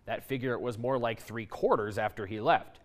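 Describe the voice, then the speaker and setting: A man delivering a news report, reading a measured, clear explainer. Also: medium pitch.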